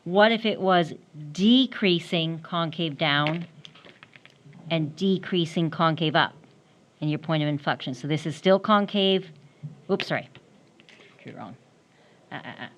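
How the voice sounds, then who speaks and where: A woman's voice: low-pitched, a little slow, fairly bright tone, a little hiss or hum. A woman math teacher giving a classroom lecture, explaining step by step while she draws and often checking in with "right?".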